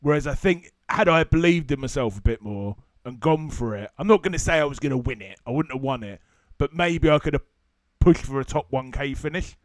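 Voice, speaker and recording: Podcast host in a dry room. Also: male voice, mid-range voice, animated, brisk, no echo. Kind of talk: casual interview chat.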